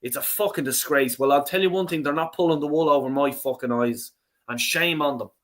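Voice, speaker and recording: A man's voice: fairly high pitch, brisk. A man hosting a fan talk show, ranting angrily with lots of swearing and stumbling restarts. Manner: angry, sweary, stammering restarts. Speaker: fan channel host. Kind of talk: ranting podcast chat.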